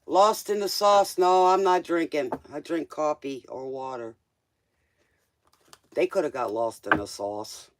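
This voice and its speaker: A man's voice: on the high side, a little slow, a little hiss or hum. A man doing a live-stream tarot reading, casual and joking, talking straight to the viewer in loose, slangy speech. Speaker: tarot reader.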